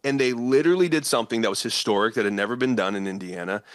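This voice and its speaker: Lively Midwestern man telling a story. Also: on the low side, rapid-fire, no room sound, clean studio sound. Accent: American Midwestern. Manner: acts out quoted voices, laughs often. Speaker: guest, politician and former pastor. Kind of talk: animated storytelling in conversation.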